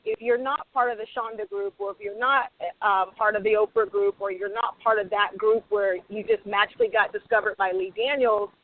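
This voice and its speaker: A woman's voice: mid-range voice, fairly quick. A woman screenwriter on a radio panel, talking passionately and acting out bits of dialogue. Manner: passionate, animated, acts out quoted dialogue. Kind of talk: panel discussion. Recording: tinny phone-line sound, dry.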